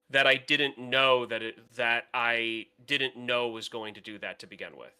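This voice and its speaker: Middle-aged man, bright sharp voice, podcast co-host, casual chat, halting speech. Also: mid-range voice, fairly even intonation, smooth. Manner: halting, searching for words, many fillers.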